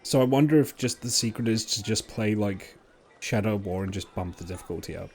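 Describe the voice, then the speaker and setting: A man's voice: on the low side, fairly quick, a little mellow, slight background noise. A young man chatting casually and enthusiastically while streaming a game, rambling with loose asides and casual swearing. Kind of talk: casual gameplay chat.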